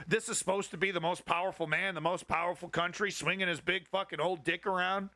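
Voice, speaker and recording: A man's voice: high voice, fairly even intonation, a little fast, few pauses, bright, forceful tone, no room sound. A man hosting a live-streamed political commentary show, ranting in a profane and sarcastic way. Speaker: host.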